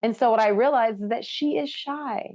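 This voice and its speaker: A woman's voice: on the high side, normal speed. American woman telling candid family stories. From United States. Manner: open, animated storytelling with laughs. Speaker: podcast guest. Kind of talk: candid conversational interview.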